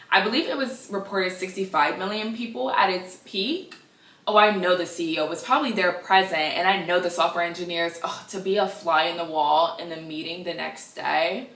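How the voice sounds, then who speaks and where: A woman in her twenties hosting a casual gossip podcast, chatty and animated with sassy asides. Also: lowish voice, distant mic. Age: 20s. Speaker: podcast host. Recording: echoey room, a bit off-mic.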